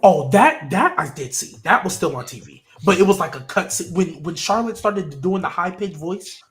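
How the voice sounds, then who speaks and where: A man hosting a casual wrestling podcast, his fairly high voice swinging widely in pitch as he rambles through his opinions. He restarts his sentences often and keeps the delivery animated and chatty. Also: normal speed, slight background noise. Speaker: podcast host.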